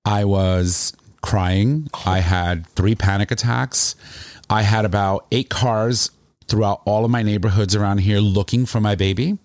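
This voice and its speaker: A man telling a long personal story in casual chat, rambling and animated, with plenty of emotion. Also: lowish voice, measured pace, no room sound.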